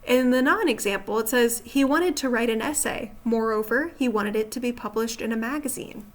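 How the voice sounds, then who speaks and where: A woman with a fairly high voice teaches a writing lesson from slides. She explains each example patiently and often pauses to check that the listener is following along. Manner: patient, explanatory, asks rhetorical check-in questions. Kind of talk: slide-based grammar lesson.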